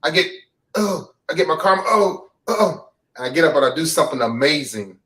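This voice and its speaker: A man's voice: a little high, expressive, brisk, fairly bright tone, recorded from a distance. A man speaking as an interview guest, bluntly reflecting on his own behavior and often repeating himself. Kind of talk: candid confessional talk.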